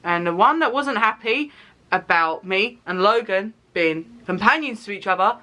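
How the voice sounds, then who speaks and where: A British woman in her twenties, an animated and dramatic storyteller who laughs and swears while she vlogs. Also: mid-range voice, normal speed. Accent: British English. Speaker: YouTuber. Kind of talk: storytime vlog.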